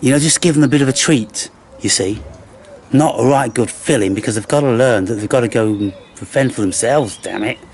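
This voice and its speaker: A man's voice: mid-range voice, a little fast, darkish tone, slight background noise. A man vlogging outdoors on a handheld camera, chatting and coaxing birds and squirrels. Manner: chatty, coaxing animals in a singsong voice. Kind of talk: casual outdoor vlog talking to birds and squirrels. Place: outdoors in a garden or woodland.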